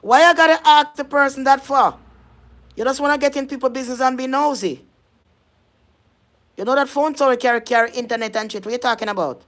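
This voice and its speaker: A woman's voice: high-pitched, brisk, pauses often, fairly bright tone. Emphatic woman. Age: adult. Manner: emphatic, repetitive, confrontational. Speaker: vlogger. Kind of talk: ranting vlog monologue.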